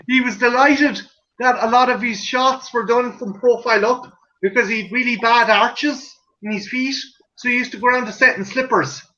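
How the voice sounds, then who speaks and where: Male stream host, very high voice, bright tone, rambly and laughing, lo-fi sound. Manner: rambling, swearing, laughing often. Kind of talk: casual chat on a livestream.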